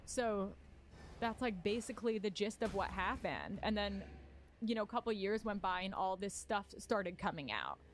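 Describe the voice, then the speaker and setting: A woman's voice: medium pitch, expressive, normal speed, a little hiss or hum. A woman comedian telling a candid personal story in casual talk, rambling with many fillers and some swearing. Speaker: stand-up comedian.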